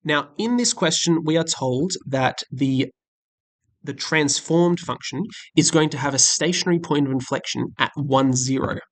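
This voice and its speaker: A man's voice: on the high side, moderate pace. A man walking through a maths exam question step by step, friendly and chatty with frequent ums, recorded at a desk while drawing with a stylus. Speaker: maths teacher. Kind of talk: screen-recorded exam walkthrough. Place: indoors at a desk, webcam and tablet setup.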